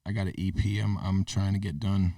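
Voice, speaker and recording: A man chatting casually on a podcast in a quick, laid-back way. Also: low voice, little pitch movement, vocal fry, warm tone, dry recording, clean studio sound, far from the mic. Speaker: podcast co-host. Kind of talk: casual chat.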